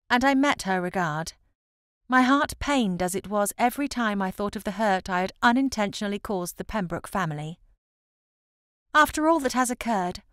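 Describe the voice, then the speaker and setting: A woman narrating a novel in the first person as an audiobook, with expressive, measured storytelling. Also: medium pitch, dry recording, clean studio sound.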